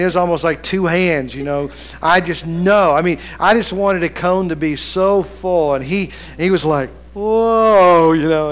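A middle-aged man preaching a sermon who swings between loud, drawn-out appeals and quiet, chatty storytelling. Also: on the high side, low-quality recording. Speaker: pastor.

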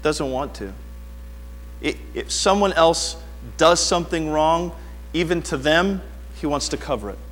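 A middle-aged preacher delivers a sermon in a fairly high voice. He tells stories with lively, sweeping energy, dropping to quiet asides and then climbing to loud, urgent peaks. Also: measured pace, pauses often. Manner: animated storytelling, swings from quiet to near-shouting. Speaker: pastor.

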